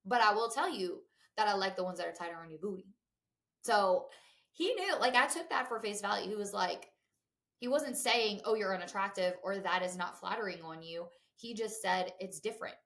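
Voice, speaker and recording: A woman. She's candid and chatty, tossing in fillers and side remarks, in a voice of ordinary pitch for a woman. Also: expressive, moderate pace, a bit bright. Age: 20s. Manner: chatty and candid, lots of fillers and asides to listeners. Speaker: podcast host. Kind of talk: casual chat.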